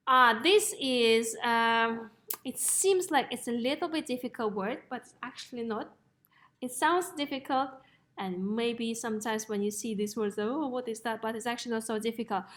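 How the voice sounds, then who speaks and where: A woman's voice: on the high side, a bit bright. A woman teaching a music theory lesson, explaining step by step and checking in with "okay?" and "yes?". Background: piano notes played between phrases.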